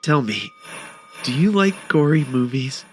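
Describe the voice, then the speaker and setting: A man voicing a sadistic male serial killer who taunts his captive in a cold, softly menacing way. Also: on the high side, lively intonation, measured pace, voice pushed up. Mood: coldly taunting.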